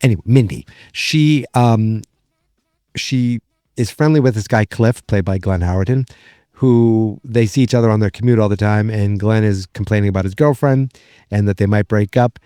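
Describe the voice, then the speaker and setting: A man with a New England accent recapping a sitcom episode on a podcast, rambling and excitable, with plenty of fillers and restarts. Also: lowish voice, moderate pace, smooth, dry recording, studio quality. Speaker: podcast host.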